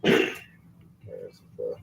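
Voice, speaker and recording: A man running a tabletop game as game master, telling the story in a rambling, excitable and profane way. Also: drawn-out words, slight background noise, poor audio.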